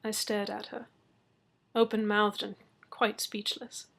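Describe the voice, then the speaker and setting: A woman reading a story aloud in a measured, soft-spoken narration. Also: medium pitch, little pitch movement, vocal fry. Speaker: story reader. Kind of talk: audiobook-style story narration.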